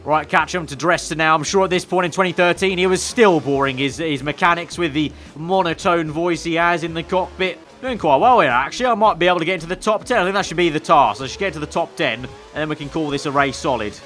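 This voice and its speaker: A chatty man commentating over his racing game, wry and quick with sarcastic jabs. His voice sits a touch above the usual male range, with faint music playing behind him. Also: fairly high pitch, fairly bright tone. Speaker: gaming video creator.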